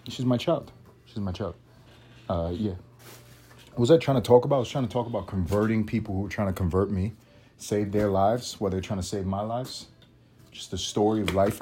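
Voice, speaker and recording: A man's voice: low-pitched, a little mellow. A young adult man hosting his solo podcast in a casual, rambling monologue, swearing often and joking at his own expense. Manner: profane, rambling, self-mocking. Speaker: podcast host.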